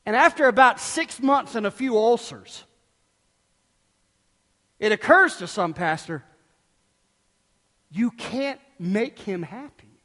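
High-voiced preacher in echoing church. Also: male voice, slow pace, pauses often. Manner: animated preaching, swinging from loud bursts to hushed tones. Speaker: pastor. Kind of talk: sermon.

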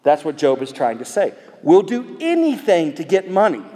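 A man's voice: a little high, wildly swooping pitch, normal speed, warm tone. A man preaching an expository sermon in a conversational, digressive way, with asides to the congregation. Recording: long reverb in a large hall.

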